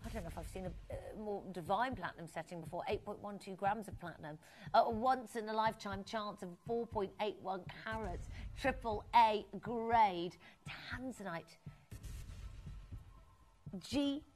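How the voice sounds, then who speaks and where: A woman's voice: medium pitch, normal speed, a little mellow. A woman presenting a live TV shopping show, gushing and exclamatory as she chats with viewers while selling jewelry.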